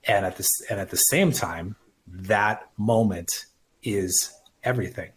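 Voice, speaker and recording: A man's voice: fairly low pitch, measured pace. A man in his thirties, a podcast guest, talking earnestly and emphatically about his life, swearing casually. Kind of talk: emotional personal conversation.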